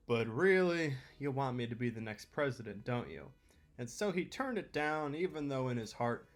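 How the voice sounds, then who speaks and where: A man hosting a history channel, narrating scripted commentary with opinionated, wry asides. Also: mid-range voice.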